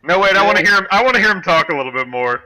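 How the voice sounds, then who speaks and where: A man's voice: high-pitched, lively intonation, bright, forceful tone, poor audio. A man playing a tabletop game who cracks jokes and banters casually. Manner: jokey, quick to laugh. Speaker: player. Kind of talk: casual chat.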